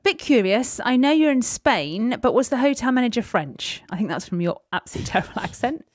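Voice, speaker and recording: A woman's voice: fairly high pitch, animated, fairly quick, no echo, clean studio sound. A woman co-hosting a casual chat podcast, chatty and laughing, reading listener emails aloud. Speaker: podcast co-host.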